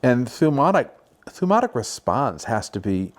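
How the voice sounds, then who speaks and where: A man as a podcast guest in casual conversation, an animated storyteller who laughs often. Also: sits low, fairly quick.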